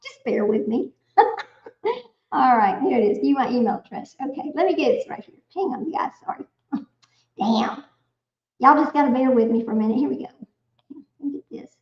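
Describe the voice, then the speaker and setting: A woman's voice: high-pitched, moderate pace, long pauses. A middle-aged woman hosting a casual livestream, chatting to viewers while fumbling with her screen. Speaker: livestream host. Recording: echoey, slightly dull home livestream audio.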